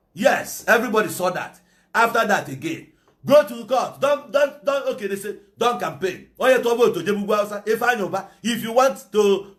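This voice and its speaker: A Nigerian man with an Igbo English accent giving a fiery, preachy monologue and slipping into Igbo phrases. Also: high voice. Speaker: political commentator. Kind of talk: impassioned monologue.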